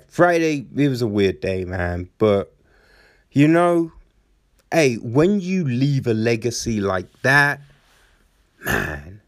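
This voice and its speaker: A man's voice: medium pitch, no room sound, clean studio sound. A young man hosting a casual, profane commentary show, rambling and swearing as he reacts to the news. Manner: rambling, swears a lot, animated. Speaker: host.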